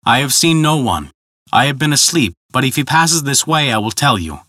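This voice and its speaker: A man's voice: medium pitch, very animated, moderate pace, bright, forceful tone, no room sound, studio quality. A man voicing a small, crafty male fish who answers politely and evasively in a folk tale.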